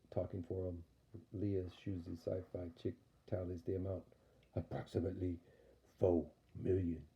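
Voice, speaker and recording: A man's voice: deep voice, vocal fry. A man narrating an audio story in a rambling, playful way. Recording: dull lo-fi recording.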